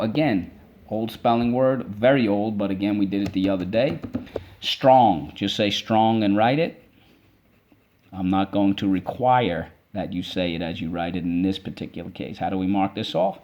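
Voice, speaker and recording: A man with a low voice leads a children's spelling lesson, sounding words out slowly syllable by syllable. He coaxes the class along between drills. The recording is dull and lo-fi. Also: darkish tone, slight background noise. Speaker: teacher.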